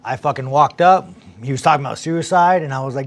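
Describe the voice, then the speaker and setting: A man speaking bluntly and profanely in casual chat, often dropping quieter at the ends of lines. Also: mid-range voice, fast talker. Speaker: podcast guest.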